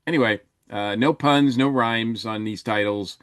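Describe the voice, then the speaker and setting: This man's fairly low, slightly bright voice comes through clean and echo-free at studio quality as he co-hosts a podcast. He takes his time, talking casually and wandering through lots of fillers and false starts.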